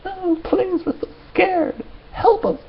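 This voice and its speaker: A man mockingly voicing a terrified male riot police officer in a shrill falsetto. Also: fairly even intonation, slow, highs cut off, a little hiss or hum, heavily acted. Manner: shrill, whimpering. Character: panicked squealing male riot cop.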